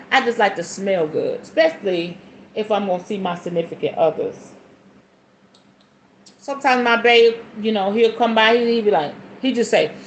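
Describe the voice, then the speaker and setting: Podcast host, woman, 40s, lively and talky, slightly high pitch, light background noise. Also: reverberant, rough recording. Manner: chatty, animated, calls listeners honey and y'all; sudden whoops and shifts between fast and slow. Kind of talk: casual spiritual podcast chat.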